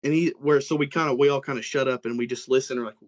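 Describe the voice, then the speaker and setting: A man's voice: medium pitch, fast talker. A young man from Oklahoma telling his own eerie encounter on a casual podcast, rambling and acting out what everyone said. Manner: rambling, animated retelling with many "like"s and quoted dialogue. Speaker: guest telling an encounter story.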